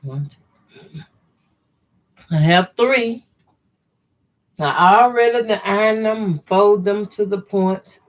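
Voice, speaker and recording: A woman chatting to viewers in an easygoing way while she sews quilt blocks on a livestream. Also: medium pitch. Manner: slow, easygoing running commentary, addresses viewers as y'all. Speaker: quilter hosting a sewing livestream. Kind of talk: casual chat while sewing.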